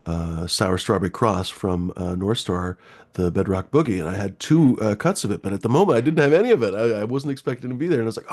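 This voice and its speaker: A man's voice: lowish voice, fast talker, darkish tone. A man hosting a live-stream show, talking in a rambling, easygoing way with a lot of swearing. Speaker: host. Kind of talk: casual live-stream chat.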